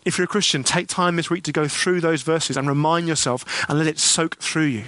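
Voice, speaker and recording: A middle-aged preacher gives an earnest, conversational sermon, posing questions to his congregation along the way. His voice is fairly high for a man, a bit bright, steady in tone, and a little fast, with close, dry recording.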